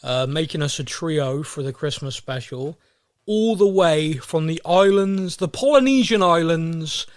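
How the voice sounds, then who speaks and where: A young man hosting a podcast in a casual, playful chat, full of jokes and quick asides. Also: on the high side, animated, no echo, clean studio sound. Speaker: podcast host.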